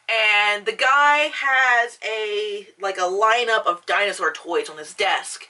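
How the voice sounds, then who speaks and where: A woman's voice: mid-range voice, slow, few pauses, bright, forceful tone, recorded from a distance. A young woman vlogger ranting casually about a film, swearing often, full of fillers and restarts. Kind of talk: casual rant.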